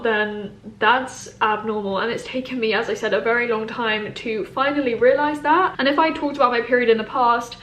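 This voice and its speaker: Chatty young woman, bright and roomy. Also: fairly high pitch, slight background noise. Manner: chatty, candid and emphatic, rambling with fillers. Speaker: YouTuber answering viewer questions. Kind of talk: casual Q&A vlog. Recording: roomy echo.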